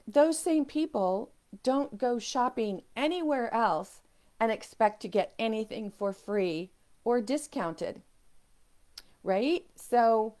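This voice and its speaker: A woman coaching on self-worth in a motivational video talk, earnest, now and then voicing inner doubts as quoted asides. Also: fairly high pitch.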